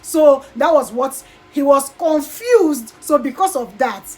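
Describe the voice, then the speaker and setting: Chatty high-voiced Nigerian woman. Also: slow, soft background music, poor audio. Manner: chatty, animated storyteller acting out quotes. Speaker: YouTube vlogger. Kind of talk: casual gossip recap.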